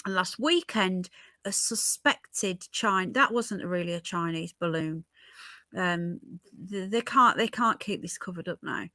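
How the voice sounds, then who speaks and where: A woman's voice: on the low side, a little slow, pushed and bright, no echo. A middle-aged British woman hosting a casual livestream, reading out news and greeting viewers as she rambles along. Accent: British English. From Britain. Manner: chatty, rambling, greets viewers mid-sentence. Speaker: livestream host.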